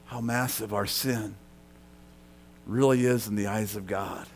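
A man preaching a sermon, talking straight to the congregation, dropping to a quiet murmur and then rising loud for emphasis. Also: steady tone, measured pace, a little hiss or hum. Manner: swings from soft and quiet to loud and high for emphasis; conversational, addresses listeners directly. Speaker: pastor.

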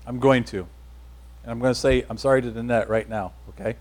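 A man's voice: medium pitch, steady tone, a little fast, a little mellow. A man preaching a sermon, building emphatic repeated declarations and leading the congregation to say lines back. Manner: emphatic repetitive declarations, leads congregation call-and-response.

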